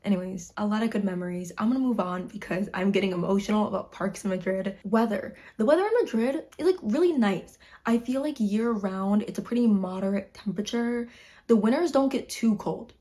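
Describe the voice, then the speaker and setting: A woman's voice: mid-range voice, brisk, mellow. A woman in her twenties from Chicago, chatting casually in a vlog, bubbly and full of "like". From Chicago, United States. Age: 20s. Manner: chatty, bubbly, heavy use of "like". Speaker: vlogger. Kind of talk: casual talking-head vlog. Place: home room in winter.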